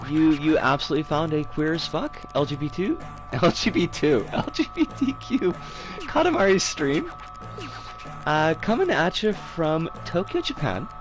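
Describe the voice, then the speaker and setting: An American woman in her forties chatting casually on a game stream, animated and giggly with sudden excited squeals. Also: sits low. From United States. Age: 40s. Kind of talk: casual livestream chat while gaming. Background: game music.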